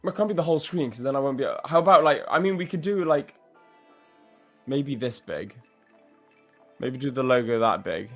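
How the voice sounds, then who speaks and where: A man's voice: medium pitch, lively intonation, normal speed, long pauses, fairly bright tone, soft background music. A man hosting a live stream, joking around, laughing often and calling people bro and mate. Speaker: stream host. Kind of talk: casual banter on a live stream.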